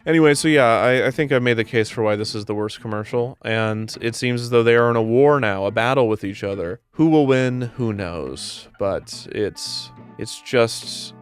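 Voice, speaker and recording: A man's voice: mid-range voice, moderate pace, hardly any pauses, clean tone, faint music behind. A man hosting a comedic commentary show, ranting in an exasperated, sarcastic way.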